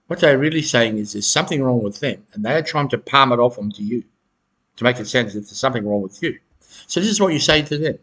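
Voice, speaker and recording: Middle-aged man, husky mid-pitched voice, halting advice monologue with chuckles. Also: fairly bright tone. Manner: halting, repeats words, chuckles often. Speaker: self-help educator.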